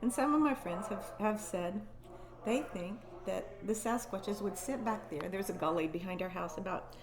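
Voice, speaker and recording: A woman's voice: medium pitch, moderate pace, a crowd in the background. A woman at a conference telling an eerie first-person story with emotion, repeating and restarting words and acting out her own thoughts. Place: conference venue.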